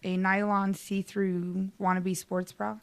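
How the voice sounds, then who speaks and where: A woman's voice: mid-range voice, flat delivery, takes it slowly, creaky, smooth. A woman co-hosting a talk show, teasing the others playfully through crude banter.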